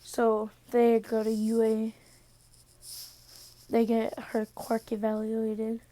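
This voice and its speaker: A woman's voice: fairly high pitch, completely flat delivery, slow pace, warm tone. A tired woman casually retelling a fan story, rambling with "so" and "yeah" as she goes.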